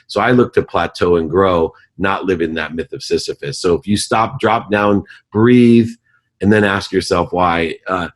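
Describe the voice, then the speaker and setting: A man with a very low, deep voice speaks as a podcast guest. He tells a life lesson in an earnest, emphatic, almost preacher-like way. He sounds like a driven executive in his forties. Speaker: guest, company CEO. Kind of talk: motivational storytelling in a podcast interview.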